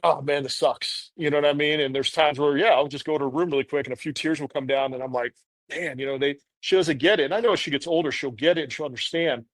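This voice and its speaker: A man's voice: on the high side, quick pace, dry recording. A man in his thirties, a podcast guest, telling a candid personal story in an earnest, rambling way full of "you know".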